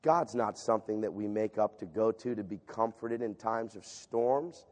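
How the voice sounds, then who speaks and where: A man's voice: fairly low pitch, normal speed. Male preacher in an echoing hall. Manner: animated, sweeping from loud emphasis to hushed reading. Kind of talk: sermon with scripture reading. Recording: long reverb of a large hall.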